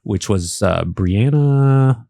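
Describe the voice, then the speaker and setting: A man with an Appalachian accent co-hosts in a somewhat low voice, recorded dry and close. He talks in a loose, chatty way, full of fillers and emotional asides. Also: lively intonation, very slow, creaky, warm tone, no room sound. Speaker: podcast co-host. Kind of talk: casual podcast conversation.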